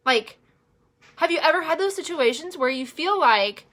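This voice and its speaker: Bright, chatty woman vlogger. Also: high voice, lively intonation, normal speed. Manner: chatty and rambling, with many fillers; earnest and emotional about faith. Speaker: makeup vlogger and direct seller. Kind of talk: casual chatty makeup vlog.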